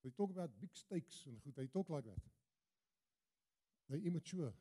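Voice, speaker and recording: A man's voice: on the high side, expressive, normal speed, mellow, slightly rough. A South African-accented older man, an Afrikaans speaker, preaching earnestly as a guest preacher in a church, often repeating words for emphasis. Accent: South African English. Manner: earnest, emphatic with frequent repetitions. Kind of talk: sermon.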